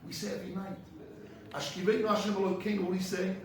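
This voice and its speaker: A man's voice: high-pitched, flat delivery, fast talker. A man who heads a yeshiva, giving an emphatic ethical sermon to his students. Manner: impassioned and emphatic, sometimes rising to cries. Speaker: head of a yeshiva. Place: large echoey study hall. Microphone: distant room mic. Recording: very echoey hall, far from the mic, faint noise.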